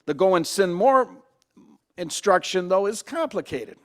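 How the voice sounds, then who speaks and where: A man's voice: high-pitched, expressive, a little slow, a bit bright. A male pastor giving a conversational sermon, asking the congregation questions and sometimes repeating himself as he restarts. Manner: acts out quoted voices.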